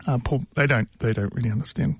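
A man's voice: medium pitch, fast talker, slightly rough, no echo. A man, talking casually and jokingly, rambling with many ums and mocking asides. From New Zealand. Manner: rambling, joking, mocking, with frequent filler words. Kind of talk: casual opinion monologue.

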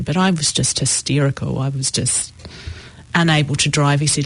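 A woman telling her own recovery story in a reflective, halting way with many pauses. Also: low voice, steady tone, dry recording. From New Zealand. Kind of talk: personal testimony.

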